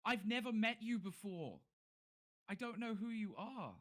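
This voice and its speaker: A man's voice: sits high, animated, unhurried, fairly bright tone, voice pushed up. A man voicing a young male guard who pleads in a panic that he is innocent. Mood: baffled. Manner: pleading, protesting in a rush.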